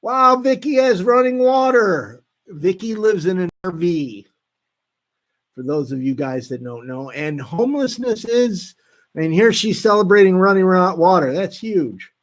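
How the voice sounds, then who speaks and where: A man hosting a live stream, reading out viewer comments in a casual, halting way with frequent restarts. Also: high voice, lively intonation. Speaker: livestream host reading chat.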